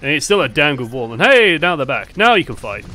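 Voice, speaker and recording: A young man giving casual match breakdown commentary, chatty and animated, swearing freely. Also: on the high side, brisk. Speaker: esports analyst.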